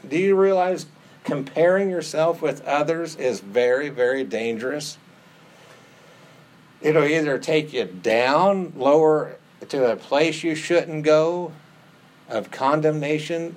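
A man's voice: mid-range voice, darkish tone. A man preaching a sermon in an earnest tone, acting out the quoted prayers with rising intensity. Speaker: pastor.

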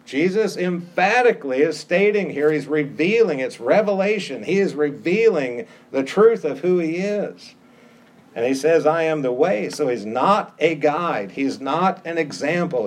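A man's voice: fairly high pitch, expressive, a little slow. A middle-aged pastor delivers a sermon in a slightly raised voice. He drives home each point by repeating short phrases with emphasis.

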